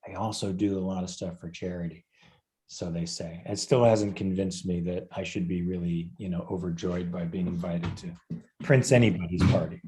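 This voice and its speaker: An American man co-hosting a talk show, speaking in a measured way and repeating words as he starts sentences. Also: sits low, fairly even intonation, mellow. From United States. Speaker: podcast co-host. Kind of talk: casual discussion.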